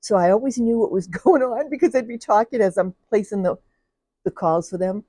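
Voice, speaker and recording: A woman's voice: medium pitch, brisk, dark tone, dry recording. An older woman, a retired telephone operator, telling her work stories in a chatty way, laughing often and acting out the people she dealt with. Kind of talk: casual personal storytelling.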